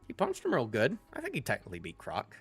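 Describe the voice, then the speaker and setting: A young man streaming live, ranting excitedly and casually about a manga, rambling with stumbling restarts and the odd swear. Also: mid-range voice, fast talker, gravelly, breathy edge, faint music behind. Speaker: streamer reacting to a manga chapter. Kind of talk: live reaction rant, casual.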